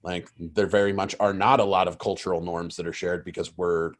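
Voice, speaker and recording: A man's voice: deep voice, little pitch movement, brisk. An American man, the game master of a tabletop podcast, explaining at length in casual chat with many restarts. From United States.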